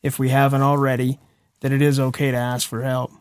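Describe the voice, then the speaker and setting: A man's voice: mid-range voice, monotone, brisk, smooth, dry recording, studio quality. Laid-back man co-hosting a podcast. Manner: supportive listener, short agreeing replies, says "dude". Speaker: podcast co-host. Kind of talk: casual chat.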